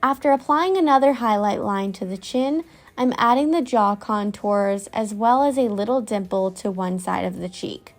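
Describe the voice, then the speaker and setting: Woman, makeup tutorial voice-over, calm, step-by-step, mid pitch. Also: moderate pace, soft background music. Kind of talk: scripted voice-over narration.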